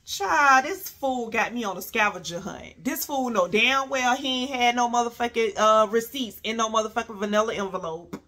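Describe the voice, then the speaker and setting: A woman telling a casual story, animated and profane, acting out every quote. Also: mid-range voice.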